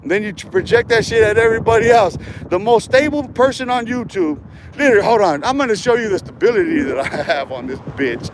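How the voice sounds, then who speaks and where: High-voiced man trash-talking outdoors. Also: expressive, brisk, noisy background. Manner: aggressive, profane trash talk. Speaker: livestreamer. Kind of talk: confrontational outdoor livestream rant. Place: outdoors by a street.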